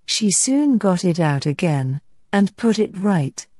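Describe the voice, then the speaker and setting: A woman narrating a classic storybook in a measured, clear reading style. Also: lowish voice, big pitch swings, warm tone, no echo. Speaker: audiobook narrator.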